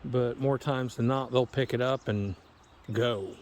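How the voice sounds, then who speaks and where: A man's voice: medium pitch, steady tone, a little slow, a little mellow, slight background noise. Folksy man vlogging outdoors by a river. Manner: folksy, chatty, jokey. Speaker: fishing vlogger. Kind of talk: casual vlog narration.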